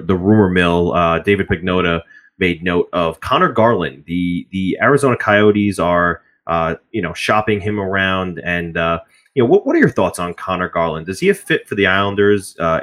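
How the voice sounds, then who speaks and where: A man's voice: low-pitched, a bit bright. A man hosting a sports podcast, asking rambling questions full of fillers in casual chat. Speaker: podcast host.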